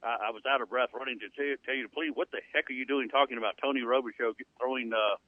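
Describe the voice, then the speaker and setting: A man's voice: medium pitch, fairly even intonation, very fast. A middle-aged man co-hosting a sports talk radio show, talking in a rambling, conversational way with many fillers. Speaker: radio co-host. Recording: narrow phone-like band, dry.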